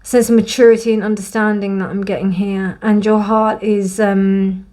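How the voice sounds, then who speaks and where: A young woman gives a casual, gently emotional tarot card reading in a warm, reassuring way. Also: medium pitch, flat delivery, normal speed. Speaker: tarot reader.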